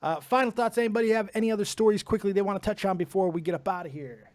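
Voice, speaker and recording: A man's voice: high voice, very fast, darkish tone, dry recording. Profane, blunt male podcast host. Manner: blunt and profane, wrapping up the show. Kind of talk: casual chat.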